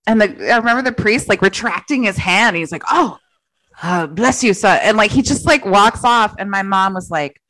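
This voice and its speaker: A woman's voice: mid-range voice, fairly quick, few pauses, bright, forceful tone, low-quality recording. A middle-aged woman chatting casually as a podcast guest, rambling and self-deprecating, with lots of fillers. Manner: rambling, self-deprecating, filler-heavy storytelling with frequent laughs. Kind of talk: casual chat.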